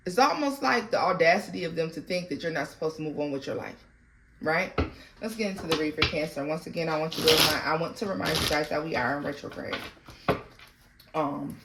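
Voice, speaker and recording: A woman giving a casual tarot reading to her viewers, animated and slangy. She breaks into bits of song and laughs often. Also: deep voice, a little fast, noisy background. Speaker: tarot reader.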